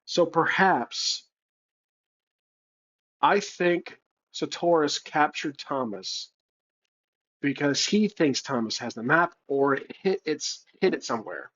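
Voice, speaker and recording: A man's voice: fairly high pitch, animated, slow pace, pauses often, fairly bright tone, slightly rough, dull audio. A man playing a solo tabletop game, thinking aloud with fillers and self-corrections as he writes and rolls dice. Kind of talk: casual solo game narration. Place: home room with a cat.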